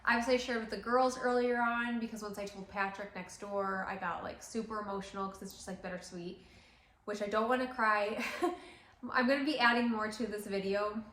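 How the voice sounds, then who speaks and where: A woman's voice: medium pitch, steady tone, normal speed, fairly bright tone. Chatty, tearful salon-owner woman. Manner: chatty, many fillers, tearful and emotional. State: tearing up. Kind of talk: casual vlog chat to camera. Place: salon interior. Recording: roomy echo.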